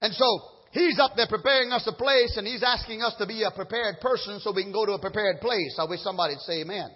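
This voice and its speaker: A man preaching a sermon with fervor, swinging from low murmurs to loud high cries and stumbling over his words as he restarts. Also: fast talker, hardly any pauses, breathy edge. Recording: dull sound with long hall reverb.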